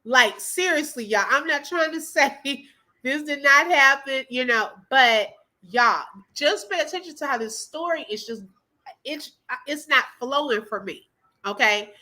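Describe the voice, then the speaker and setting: Woman, reaction host, bright voice, higher pitch, skeptical, animated, casual commentary. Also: measured pace. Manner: skeptical, animated, addresses viewers as y'all.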